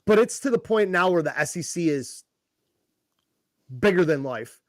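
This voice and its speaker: Higher-voiced man ranting profanely. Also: expressive, normal speed, no echo, studio quality. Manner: rambling, profane, worked-up. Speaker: podcast co-host. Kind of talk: casual chat.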